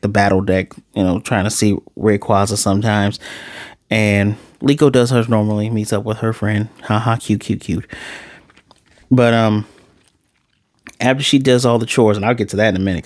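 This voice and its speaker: A man's voice: dry recording, studio quality. Sarcastic man reviewing an anime episode. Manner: animated, sarcastic, jumps to high pitch for emphasis.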